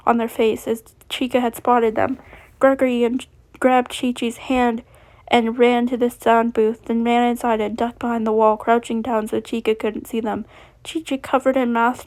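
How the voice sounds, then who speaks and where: A woman reading a fan fiction story aloud, steady, with frequent slips and restarts. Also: fairly high pitch.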